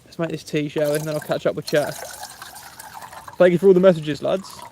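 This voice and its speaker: A man's voice: a little high, steady tone, brisk, background noise. Chatty young Englishman live from camp. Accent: Essex English. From England. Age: 20s. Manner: chatty, friendly, reads viewer names aloud. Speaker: vlogger. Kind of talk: live-stream chat, reading comments. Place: outdoors in woodland camp.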